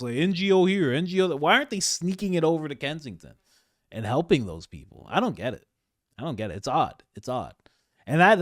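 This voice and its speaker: A man's voice: a little high, no echo, clean studio sound. A man hosting a podcast, giving casual political commentary in an opinionated, exasperated way. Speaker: podcast host.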